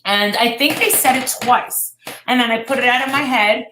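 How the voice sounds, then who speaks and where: Casting: woman host, slightly high voice, rambling gossip chat with swearing, echoey room. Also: moderate pace, background noise. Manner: rambling, swears freely, retells quotes.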